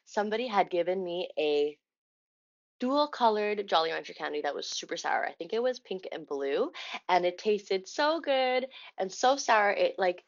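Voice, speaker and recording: A woman's voice: mid-range voice, muffled recording. Chatty woman vlogger telling a story. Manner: chatty, animated retelling with quoted dialogue and laughs. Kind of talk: casual storytelling vlog.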